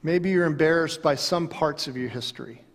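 Pastor guy preaching, earnest and chatty, slightly high voice, long echo. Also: normal speed. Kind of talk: sermon.

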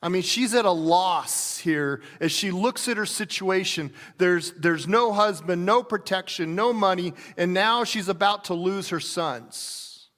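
A man's voice: sits high, measured pace, hardly any pauses, a bit bright, in a large hall. A man preaching a sermon as a pastor, talking in a conversational way with restarts and bits of acted speech.

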